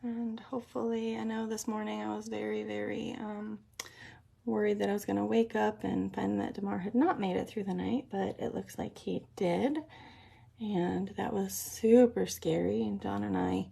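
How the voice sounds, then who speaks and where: A woman's voice: mid-range voice, steady tone, normal speed, vocal fry, dark tone, husky. A woman, rambling and chatty, talking through a live makeup tutorial with lots of ums. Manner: chatty, rambling, many ums, explains as she works.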